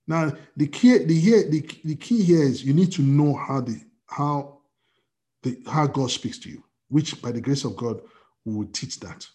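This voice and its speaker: A man's voice: fairly high pitch, a little slow, mellow. A man preaching as pastor, emphatic and repetitive, with many restarts and fillers. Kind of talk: sermon.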